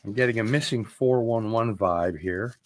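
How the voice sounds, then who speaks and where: A man chatting casually as he unboxes packages on his channel, relaxed and rambling, with offhand asides. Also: on the low side, moderate pace, background noise. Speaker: vlogger doing unboxings.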